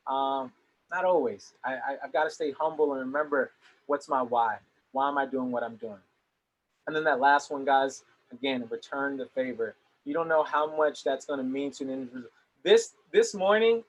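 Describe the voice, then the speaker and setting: An earnest young man gives a motivational talk to a young audience. His voice sits fairly high, and he often repeats words as he starts a sentence. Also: rough recording. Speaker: motivational speaker.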